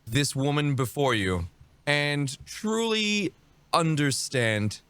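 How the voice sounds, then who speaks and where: Man, streamer, casual reaction commentary, sarcastic, profane, animated pitch. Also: slow, clean tone, no echo. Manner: mocking, profane, sarcastic asides.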